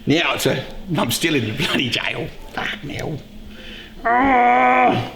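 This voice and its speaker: A middle-aged man hosting a casual beekeeping vlog, joking excitedly and swearing freely. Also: a little high, slow, a crowd in the background. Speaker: beekeeper and show host. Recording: echoey room with loud background noise.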